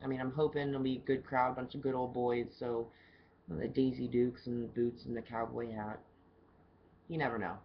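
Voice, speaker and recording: A woman's voice: very deep voice, level tone, normal speed, vocal fry, a little hiss or hum. A woman working as a bartender, telling stories in a loose, chatty video diary and swearing casually. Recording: dull lo-fi camera audio with faint background ambience.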